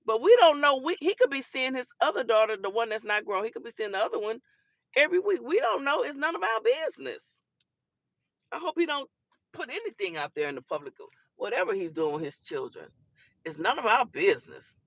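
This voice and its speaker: A woman hosting a casual livestream talk show, chatting and teasing commenters with a laughing, animated manner. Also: on the high side, a little fast, dry recording, clean studio sound.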